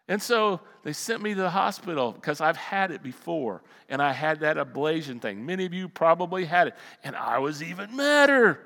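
A middle-aged male preacher with a high, bright, forceful voice delivers a sermon as a lively personal story. He jumps from loud, heated bursts to hushed asides. The sound carries a long reverb from a church hall. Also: normal speed, vocal fry. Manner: animated storytelling, swings from loud outbursts to quiet asides. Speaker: pastor.

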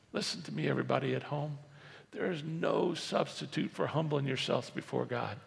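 A man preaching a sermon as a pastor, swinging between loud emphasis and quiet, low asides. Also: vocal fry, in a large hall. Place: church.

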